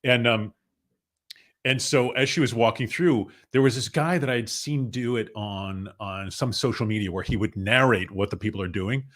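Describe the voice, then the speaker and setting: Middle-aged male guest, slightly low pitch, lively anecdotal storyteller. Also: normal speed. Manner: animated storyteller, laughs often. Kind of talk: casual anecdote telling.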